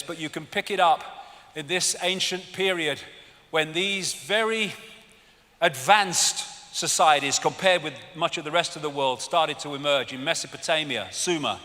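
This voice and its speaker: A man in his sixties with an English accent, giving an animated, sarcastic, sweary live talk on an arena stage. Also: fairly high pitch, normal speed. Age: 60s. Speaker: lecturer. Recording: arena hall reverb with faint crowd.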